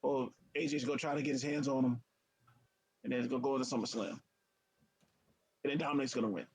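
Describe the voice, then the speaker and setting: A man's voice: mid-range voice, steady tone, fast, slightly rough. A man co-hosting a podcast, chiming in with laid-back wrestling predictions. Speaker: podcast co-host. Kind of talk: casual wrestling chat.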